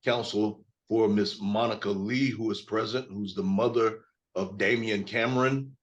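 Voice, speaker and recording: A man in his fifties from Mississippi, an attorney giving a hoarse, measured press statement over a video call. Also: lowish voice, fairly even intonation, lo-fi sound. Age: 50s. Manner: measured, with frequent fillers.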